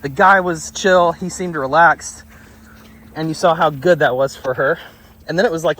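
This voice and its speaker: A man working as a dog trainer. He talks outdoors in a relaxed, chatty way, explaining his methods and often praising the dog. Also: on the high side, normal speed, rough recording. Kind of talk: casual explanation on a training walk.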